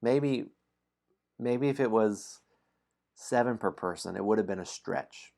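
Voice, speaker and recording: A man's voice: lowish voice, unhurried, creaky. A man streaming a dice game, chatting casually with viewers, reading out story passages and chuckling often. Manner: relaxed, chuckles often between lines.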